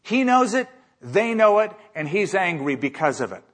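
Husky guy preaching hard, kinda high voice, lots of questions thrown at the crowd. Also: big pitch swings, moderate pace, fairly bright tone. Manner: emphatic preaching with rhetorical questions. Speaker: pastor. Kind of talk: sermon.

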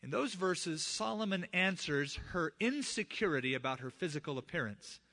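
Bright-voiced man preaching conversationally. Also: on the high side, moderate pace. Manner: conversational, animated storytelling. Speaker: pastor. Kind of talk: sermon.

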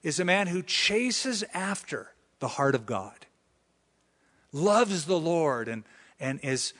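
A man's voice: on the high side, big pitch swings, slow, a bit bright. A man preaching a sermon, who often acts out the voices of the people he quotes. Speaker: pastor. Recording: long hall reverb.

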